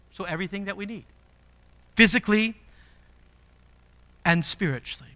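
Male pastor, high voice, sermon delivery, emphatic with sharp swings from hushed to loud. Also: expressive, normal speed, long pauses.

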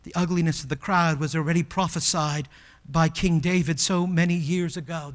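Emphatic male pastor, fairly high voice. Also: long reverb tail. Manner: emphatic preaching, swinging from loud exclamations to hushed, slow asides. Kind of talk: sermon.

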